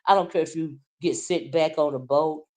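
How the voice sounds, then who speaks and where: A woman hosting a casual livestream, teasing loudly and swinging from low mutters to shouts. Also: normal speed. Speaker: livestream commentary host.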